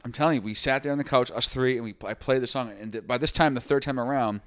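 A man's voice: mid-range voice, fast, fairly bright tone, clear, resonant tone, no echo. Male podcast co-host, casual chat, profane and rambling storyteller, mid-range voice.

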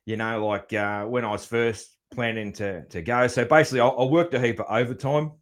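Australian male podcast host, easygoing, laughs a lot, mid-pitched, relaxed interview chat. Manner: easygoing, laughs often, drawn-out fillers.

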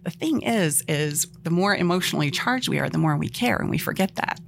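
A woman speaking as a relationship expert guest on a podcast, animated and expressive, often acting out what she would say. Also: on the low side, a little fast, gravelly, hardly any pauses, slight background noise. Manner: expressive, acts out quoted lines, laughs easily.

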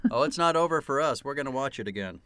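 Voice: medium pitch, animated, fast talker, a bit bright, smooth, no echo. A podcast co-host in casual chat about a film, enthusiastic, swearing freely and laughing often.

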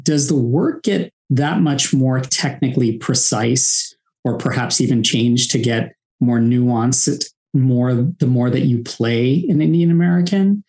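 A man hosting an interview, reading an introduction and asking earnest, measured questions. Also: medium pitch, darkish tone. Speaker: podcast host.

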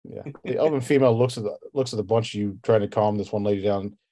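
A man's voice: on the low side, quick pace, warm tone. A man narrating as game master of a tabletop game, in loose, rambling narration full of restarts.

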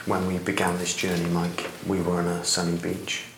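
A lowish male voice with a dry, mock-earnest, self-mocking comic delivery. It rings around a roomy, echoey pub room, with faint background hiss. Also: completely flat delivery, moderate pace. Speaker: co-host. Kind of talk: comic ghost-hunt banter. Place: old pub at night.

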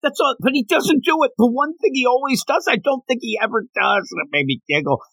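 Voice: medium pitch, animated, brisk, fairly bright tone, dry recording. A podcast co-host in casual chat, animatedly retelling comic panels and joking about them.

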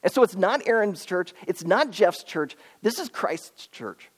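Male pastor, sermon, earnest and animated, lively pitch swings, long hall reverb. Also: a little slow, slightly rough. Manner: animated, earnest, pleading preaching with swings between loud and hushed. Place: church auditorium.

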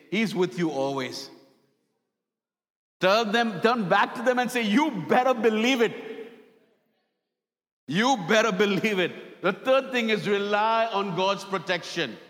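Male pastor, high voice, preaching with dramatic storytelling, hall reverb. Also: fairly bright tone. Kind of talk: sermon.

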